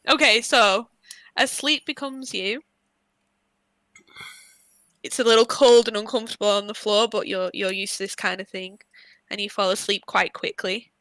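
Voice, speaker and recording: British woman dm, bright higher voice, dry close sound, tells the dream scene with lots of swearing. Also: fairly even intonation, moderate pace, long pauses, no room sound, low-quality recording. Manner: vivid, swearing storytelling with frequent laughter. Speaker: dungeon master. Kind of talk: narrating a tabletop game.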